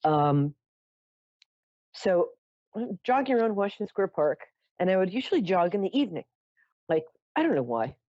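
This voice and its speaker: A woman's voice: fairly low pitch, sing-song, normal speed, long pauses, dry recording, highs cut off. A woman hosting a psychic call-in show, telling a story in a chatty, theatrical way with self-mocking asides. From New York. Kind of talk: casual storytelling to callers.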